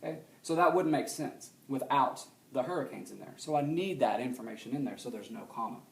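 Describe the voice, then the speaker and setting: In a reverberant classroom, a man at medium pitch gives a recorded grammar lesson with lively intonation and some vocal fry. He explains steadily, frequently checking understanding with a quick question.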